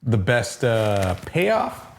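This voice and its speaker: A man's voice: medium pitch, drawn-out words, a little hiss or hum. Laid-back male co-host, hedging asides. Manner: relaxed, chatty, with hedging asides. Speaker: podcast co-host. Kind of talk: casual review chat.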